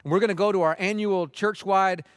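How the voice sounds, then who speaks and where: A man preaching a sermon as a pastor, urgent and heartfelt, dropping to soft pleading as he appeals to his listeners. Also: high-pitched, fairly even intonation, moderate pace, clean tone, no room sound.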